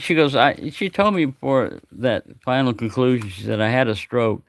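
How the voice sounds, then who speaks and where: Older retired man with a gravelly voice and dry sound, rambling through stories and acting out the people he quotes. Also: mid-range voice, a little fast, hardly any pauses, dry recording. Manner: chatty, repeats words, acts out quoted voices. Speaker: live-stream host. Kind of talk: casual rambling storytelling.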